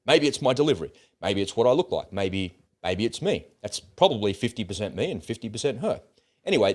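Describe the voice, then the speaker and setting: A middle-aged man, hosting his own channel and telling a story in a blunt, animated way. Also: fairly low pitch. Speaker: host of political commentary channel. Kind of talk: casual opinionated monologue.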